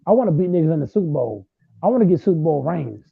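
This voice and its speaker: High, gravelly trash-talking man on a tinny line. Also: big pitch swings, quick pace, no room sound. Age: late 20s. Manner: loud, repetitive, trash-talking. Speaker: host. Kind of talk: heated casual sports argument. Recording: tinny phone-like sound.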